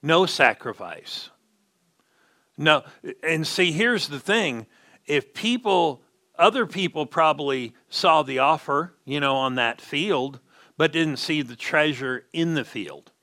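A man's voice: a little high, expressive, slow pace, pushed and bright. A man preaching a sermon as pastor, stressing key words and checking in with the congregation.

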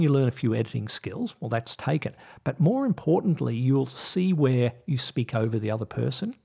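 A man hosting a podcast, casually explaining practical tips in a relaxed, steady way. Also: medium pitch, creaky, husky. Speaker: podcast host. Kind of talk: casual advice talk.

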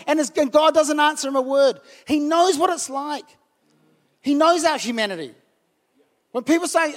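A man's voice: very high voice, normal speed. A male pastor from New Zealand preaching a sermon to a church crowd, conversational and passionate, with sudden emotional outbursts. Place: church hall with about a hundred people. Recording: long hall reverb.

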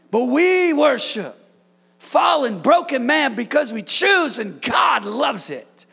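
A man preaching a sermon as a pastor in a church, shouting key lines and cracking jokes in between. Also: very high voice, big pitch swings, slow pace, vocal fry, slightly rough. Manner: preaching with shouted emphasis and playful asides.

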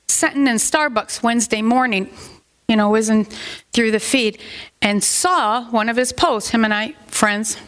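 A woman's voice: a little high, measured pace, fairly bright tone. A middle-aged woman pastor giving a sermon in a conversational, rambling way, with asides that rise into emphatic questions.

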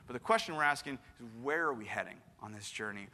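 A man preaching a casual sermon in an animated, slangy way, with frequent restarts. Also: medium pitch, fast talker. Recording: long hall reverb.

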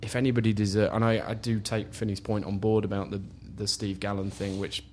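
A man's voice: fairly low pitch, level tone, a little fast, darkish tone, slight background noise. A man on a football podcast panel, giving opinions in casual chat with frequent "you know" fillers.

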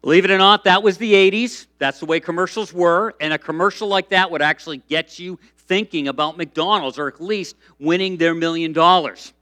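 Middle-aged male pastor, high bright voice, lively storytelling sermon. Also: fairly quick, few pauses. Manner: lively storytelling, frequent restarts and fillers.

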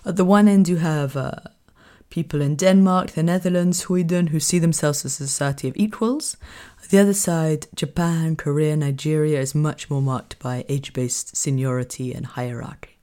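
A woman's voice: sits low, normal speed. A British woman giving a lecture, talking with frequent laughter and fillers. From Britain. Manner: laughs often, fillers, animated when amused. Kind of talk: lecture on cultural communication.

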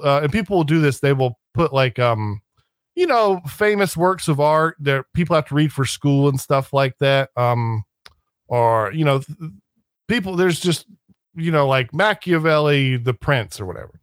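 A man's voice: fairly high pitch, unhurried, dry recording. A man talking casually on a podcast, rambling with many restarts and sneering asides.

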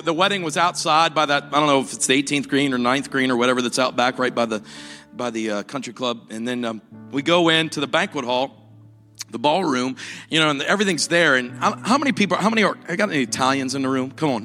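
A man's voice: mid-range voice, fast, sharp tone, long reverb tail, soft background music. A man preaching a sermon, telling a joking story that builds into fervent preaching. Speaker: pastor.

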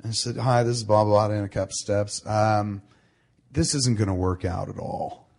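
A man's voice: fairly low pitch, moderate pace. A middle-aged man telling a long story in casual talk, swearing freely and acting out the people he quotes. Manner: swearing, animated storyteller quoting others. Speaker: podcast host.

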